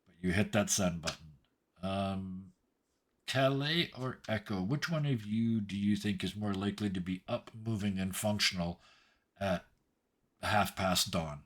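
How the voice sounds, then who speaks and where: A man's voice: lowish voice, a little slow. A man running a tabletop game as game master, narrating scenes in a loose, descriptive way with asides.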